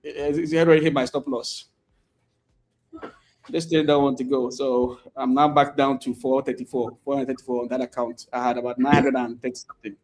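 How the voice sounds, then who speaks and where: A man's voice: mid-range voice, level tone, fairly quick, darkish tone. A man doing casual live commentary on his trades, laughing often and repeating words as the market moves.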